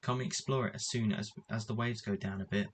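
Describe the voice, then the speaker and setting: A man reading a storybook aloud, voicing an eager, hopeful boy who speaks in hurried pleas. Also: lowish voice, fairly even intonation, a little hiss or hum, lightly acted.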